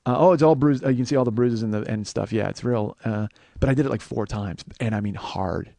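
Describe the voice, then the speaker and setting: Man, 40s, podcast host, comedic storytelling, profane, sudden shouting bursts, dry close mic. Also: fairly low pitch, quick pace, creaky, dry recording. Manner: profane, erupts into shouting when reenacting arguments.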